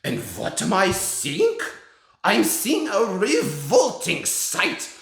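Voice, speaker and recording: A man's voice: sits high, wildly swooping pitch, takes it slowly, gravelly, fairly bright tone, roomy sound, soft background music, pitched above the performer's own voice, heavily acted. A man voicing a tyrannical female witch with a screechy, put-on Slavic accent and rolled R's. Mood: furious shrieking. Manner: shrieking, commanding, theatrical.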